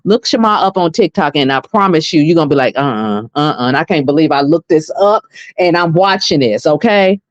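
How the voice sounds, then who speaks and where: A woman's voice: low voice, expressive, a little fast, dry recording. A woman hosting a casual gossip commentary channel, talking animatedly and straight to her viewers. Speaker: channel host. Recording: dull, lo-fi and dry.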